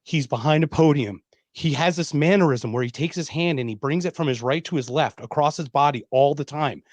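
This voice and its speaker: A man's voice: a little high, fairly quick, no room sound. A middle-aged man hosting a podcast, telling a personal story in casual conversation and acting out the lines of people he quotes. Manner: animated, emphatic storyteller who acts out quoted dialogue. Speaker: podcast host.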